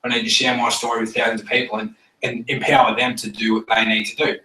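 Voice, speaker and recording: A man telling stories to a group in a casual, animated way, laughing often and swearing freely. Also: mid-range voice, quick pace, far from the mic. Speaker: team member giving a testimonial. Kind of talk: casual storytelling talk to a group. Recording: echoey room, recorded from afar.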